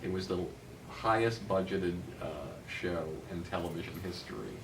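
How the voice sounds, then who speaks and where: A man's voice: low voice, moderate pace. A middle-aged man, a talent manager guesting on an interview, telling anecdotes casually with lots of um and uh fillers. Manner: animated storyteller, many um and uh fillers. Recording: roomy, distant mic, noisy.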